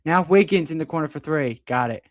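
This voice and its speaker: An excitable young man calls basketball play-by-play from a close microphone, his voice sitting a little high. It sounds dry and close. He jumps up in pitch whenever a big play lands. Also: a little fast, no room sound. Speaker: play-by-play commentator. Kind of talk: amateur livestream sports commentary.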